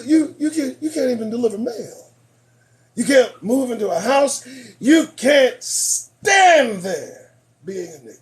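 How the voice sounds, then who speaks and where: A man with a high voice hosts a late-night commentary show while losing his voice. He's emphatic and preachy, repeating lines for effect and swinging between shouting and muttering.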